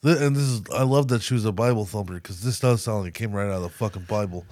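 A man co-hosting a comedy podcast, telling a story in a profane, animated way. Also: fairly low pitch, quick pace, no room sound, studio quality. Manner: profane, animated storytelling with playful put-on voices. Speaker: podcast co-host. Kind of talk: casual comedic chat.

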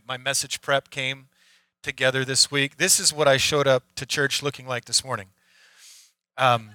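A man's voice: a little high, bright, forceful tone, smooth, dry recording, low-quality recording. A man preaching a sermon as pastor, talking candidly and conversationally with frequent restarts. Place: church sanctuary.

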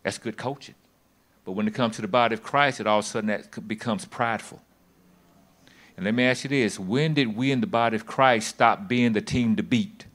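Bright-voiced folksy preacher man. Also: on the low side, fairly quick. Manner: folksy, emphatic preaching with humor. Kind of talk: sermon.

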